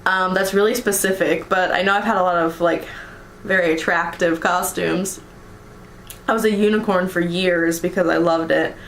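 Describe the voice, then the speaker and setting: In a lowish but fairly bright voice, a young adult vlogger from the U.S. works through tag questions in a relaxed chat, giggling a lot and saying "um" and "like" often. The room is echoey, with slight hiss or hum.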